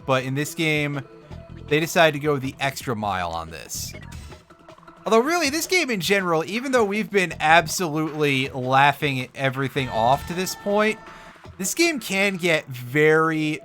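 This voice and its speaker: A man's voice: on the high side, very animated, moderate pace, a bit bright, soft background music. A man giving casual, wry let's-play commentary while streaming a video game, rambling with self-correcting asides and sounding sleepy. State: sleepy, yawning.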